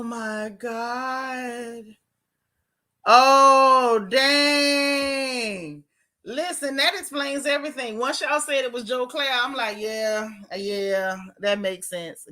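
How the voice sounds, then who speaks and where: A woman hosts her own channel, gossiping casually and exclaiming in disbelief. Her voice sits fairly high and comes across bright and forceful. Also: unhurried. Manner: sassy, animated, exclaiming. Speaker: YouTube commentator.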